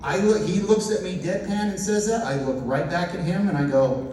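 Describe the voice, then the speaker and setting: A man's voice: high voice, a little fast. Man preaching in an echoey hall. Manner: animated storyteller acting out dialogue. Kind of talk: storytelling sermon. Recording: echoey hall from far off, noisy.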